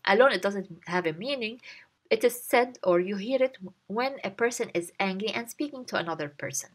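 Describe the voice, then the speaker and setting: Breathy woman teaching a language lesson. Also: mid-range voice, lively intonation, brisk. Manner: reads a line, then translates and breaks down each word. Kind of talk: explaining a short story line by line.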